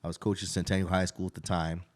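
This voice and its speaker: A man's voice: deep voice, little pitch movement, quick pace, a little mellow. A man in his thirties, a restaurant owner, telling his life story in casual, frank conversation and often adding "right?". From Idaho.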